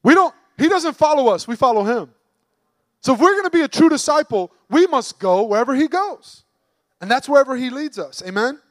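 A man's voice: very high-pitched, very animated, brisk, dry recording. A man preaching a sermon in an emphatic, conversational way, putting rhetorical questions to the congregation.

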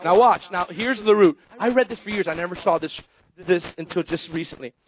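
A male pastor preaching a sermon, animated, repeating phrases and acting out Bible characters. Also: sits high, brisk, highs cut off.

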